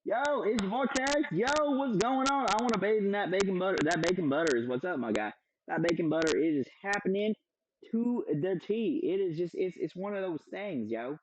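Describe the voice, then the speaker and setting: A man's voice: high-pitched, big pitch swings, brisk, background noise. Rowdy, profane man live-streaming his cooking. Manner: loud, profane, joking, reads chat aloud. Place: home kitchen. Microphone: streaming setup with several cameras.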